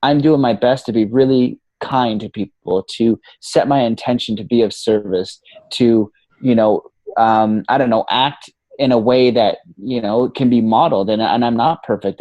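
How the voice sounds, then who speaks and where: A podcast guest who works as a coach talks at a moderate pace in a mid-range, darkish voice, with no echo. The interview is loose and animated, and he swears freely while repeating "man" and "you know."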